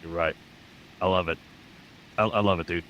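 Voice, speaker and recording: A man's voice: deep voice, steady tone, moderate pace, fairly bright tone, highs cut off, a little hiss or hum. An American man hosting a podcast interview, enthusiastic and upbeat, often repeating his praise. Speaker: podcast host. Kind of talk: casual interview chat.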